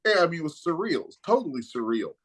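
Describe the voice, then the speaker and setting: A man's voice: on the high side, rapid-fire, breathy edge. Profane man telling stories. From Kentucky, USA. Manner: profane, animated storyteller. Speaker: guest, comic artist. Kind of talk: casual storytelling anecdote.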